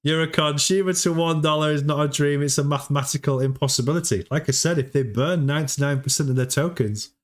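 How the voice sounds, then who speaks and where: A man's voice: on the high side, fast talker, few pauses. Chatty male livestream host. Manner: chatty, repeats words, laughs often. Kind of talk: casual livestream chat.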